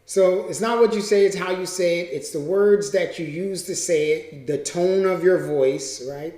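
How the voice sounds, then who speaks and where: A man's voice: high-pitched, measured pace, few pauses, mellow. A man talking casually in a vlog, repeating his points and tagging lines with "right?". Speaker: vlogger. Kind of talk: casual monologue to camera. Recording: roomy echo.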